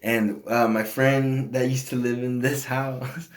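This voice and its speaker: A man's voice: medium pitch, flat delivery, takes it slowly. A man co-hosting a casual podcast, telling a story in a laid-back, rambling way with many fillers, recorded on a phone in a home studio. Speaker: podcast co-host. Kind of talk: casual chat. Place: house used as a home studio.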